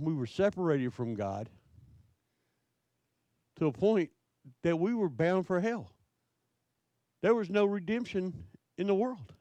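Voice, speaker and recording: A male pastor delivers a sermon, drawing out his rhetorical questions with slow emphasis. His voice sits a touch higher than most men's. The sound is dry and close, with no room echo. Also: warm tone.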